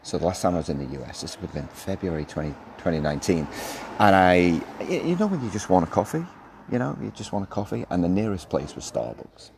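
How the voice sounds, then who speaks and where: A man with an extremely low, deep voice hosts a relaxed solo podcast from a table outside a café. He rambles and cuts himself off mid-thought in an easygoing chat. Clear street noise runs under his voice throughout. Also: fast talker. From Australia. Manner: chatty, rambling, self-interrupting. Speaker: podcast host. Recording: noisy outdoor street recording. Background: street ambience, birds and passing cars.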